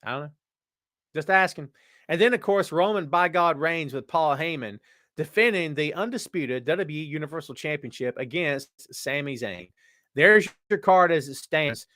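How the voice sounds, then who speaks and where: A man's voice: fairly high pitch, normal speed, a bit bright, no echo, studio quality. A man hosting a casual live show, chatting and joking as he reads viewer comments aloud. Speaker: podcast host. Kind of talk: casual live-stream chat.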